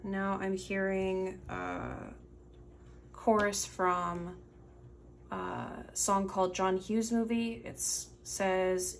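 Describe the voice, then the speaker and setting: Tired woman reading tarot, rambly and full of fillers, vocal fry, cards shuffling behind. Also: medium pitch, little pitch movement, very slow, a little hiss or hum. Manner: rambling, thinking aloud with many fillers. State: sleepy, yawning late at night. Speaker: tarot reader.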